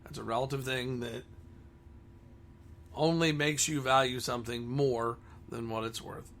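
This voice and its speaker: Gravelly man, blunt combative rant, faint background hiss. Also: mid-range voice, fairly even intonation, measured pace, fairly bright tone. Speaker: comic store owner. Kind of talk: ranting monologue.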